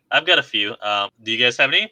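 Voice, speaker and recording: A man's voice: mid-range voice, animated, normal speed, sharp tone, poor audio. A man co-hosting a podcast, chatting casually, laughing often and joking at his own expense. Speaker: podcast co-host.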